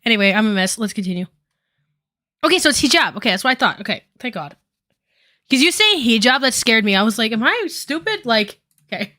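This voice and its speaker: A woman's voice: fairly high pitch, lively intonation, quick pace, pauses often, pushed and bright. A woman giving casual stream commentary while doing her makeup, rambling with lots of fillers and casual swearing.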